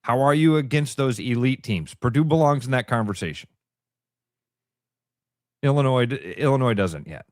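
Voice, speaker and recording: Radio guy, even keeled, breaking down the games, dry studio sound. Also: mid-range voice, moderate pace, pauses often, no room sound. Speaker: sports radio co-host. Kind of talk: casual sports talk.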